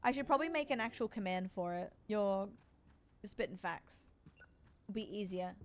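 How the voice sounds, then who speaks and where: A woman's voice: medium pitch, animated, normal speed. An Australian woman in her forties, streaming and chatting casually with her viewers, teasing and joking as she answers chat. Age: 40s.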